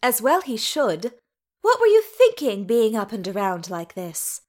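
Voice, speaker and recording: A woman voicing a fierce, bossy dwarf mother who snaps orders and scolds in a sharp, commanding way. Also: fairly high pitch, huge pitch swings, unhurried. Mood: scolding.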